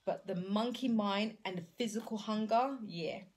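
A woman's voice: medium pitch, moderate pace, a little mellow. A woman thinking aloud in a casual video diary, hesitant and rambling as she talks to her viewers. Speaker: vlogger and health coach.

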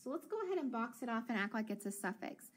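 Patient female teacher, higher voice, coaching kids through reading. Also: lively intonation, a little hiss or hum. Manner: encouraging, sounds words out slowly. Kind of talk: phonics lesson for children.

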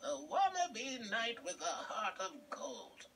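A fussy, gluttonous male potion seller in a game, his bright, sharp voice swooping wildly up and down as he whines and gloats. He drawls slowly, and the voice sounds set back from the microphone. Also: extremely high pitch, huge pitch swings, vocal fry, far from the mic, a little hiss or hum, heavily acted. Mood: scheming. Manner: theatrical, whiny and gleeful.

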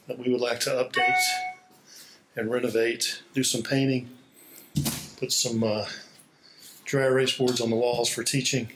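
A man's voice: medium pitch, little pitch movement, unhurried, pauses often, over music. Man, pastor; casual self-filmed walkthrough of a small church, talks while walking, winded and chuckling. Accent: Hawaii. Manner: chatty, laughs often, slightly out of breath. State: out of breath. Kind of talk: casual walking video tour. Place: small church building indoors. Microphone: laptop held while walking.

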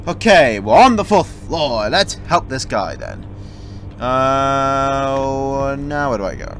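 A young man commentating on a horror game, sarcastic and jumpy, shouting when startled. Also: mid-range voice, big pitch swings, slow pace, slight background noise. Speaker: gameplay commentator.

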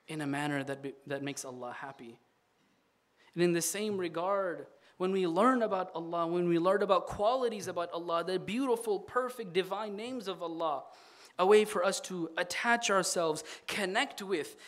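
High-voiced man giving a lively sermon. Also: very echoey, recorded from a distance. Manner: animated storytelling, repeats lines, voices the people in the story. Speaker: imam giving a Friday sermon.

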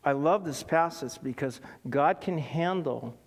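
A middle-aged man preaching a sermon in a conversational, animated way, telling stories with many ums and restarts. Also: fairly high pitch, a little slow. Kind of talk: sermon with personal storytelling. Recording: long hall reverb.

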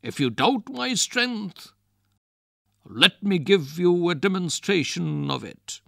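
A scornful, boastful young wrestler in a storybook reading speaks in a raised, slowed voice with plenty of swing. A man voices him. He sounds dry and close. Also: sits high, animated, gravelly, fairly bright tone, no room sound, pitched above the performer's own voice, full character voice. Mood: taunting.

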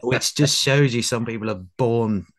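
A man's voice: mid-range voice, moderate pace. A man in his late twenties from Derbyshire, a guest actor telling self-deprecating anecdotes in a podcast interview. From England, Derbyshire. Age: late 20s.

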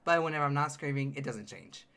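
A man streaming a game live, reacting with loud, excitable outbursts and teasing his chat. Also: medium pitch, quick pace, creaky. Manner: addresses chat directly, playful teasing. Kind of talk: live gameplay commentary.

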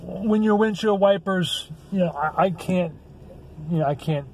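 A man ranting in a vlog from his vehicle into a phone, swearing a lot and breaking into shouts. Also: high-pitched, a little slow, a little hiss or hum. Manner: angry, profane, swings into shouting. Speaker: vlogger.

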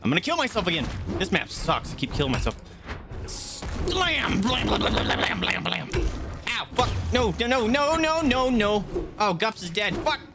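A streamer reacting live to a fighting game, with a lively voice that leaps high and dips low. Swears freely and squeals with every hit and fall. Loud game music plays behind the voice throughout. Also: moderate pace. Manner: excitable, swears often, squeals and yelps while playing. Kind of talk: live gameplay commentary.

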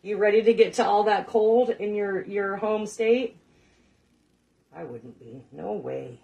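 A middle-aged woman with a gravelly, mid-range voice hosts a casual cooking livestream, speaking a little slowly. She chats with viewers, swears casually, and laughs often, while the recording's highs are cut off.

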